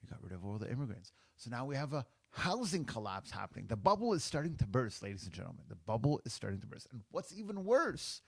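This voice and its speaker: A man's voice: medium pitch, big pitch swings, fast talker, gravelly, few pauses, husky, no room sound. Emphatic man in his forties, dry sound. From Canada. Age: 40s. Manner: emphatic, repeats points, addresses listeners directly. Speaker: podcast host. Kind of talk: opinionated monologue.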